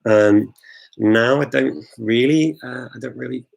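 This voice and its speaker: A man's voice: medium pitch, a little slow, gravelly, rough recording. A man from England hosting a live Q&A, chatting casually and enthusiastically, full of ums and restarts. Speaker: host of a live Q&A. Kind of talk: casual livestream chat answering viewer questions.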